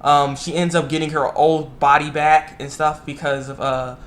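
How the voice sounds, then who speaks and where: A young man casually recapping an anime episode, animated and jumping into quick voices for the characters' lines. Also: on the high side. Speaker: anime reviewer.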